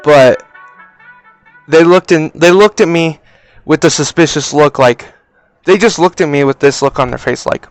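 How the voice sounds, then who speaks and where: A young man casually telling a story for a vlog, animated and swearing freely, on a cheap mic. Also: on the high side, moderate pace, long pauses, no echo, faint music behind. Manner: animated, profane, acts out voices. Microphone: cheap low-quality mic.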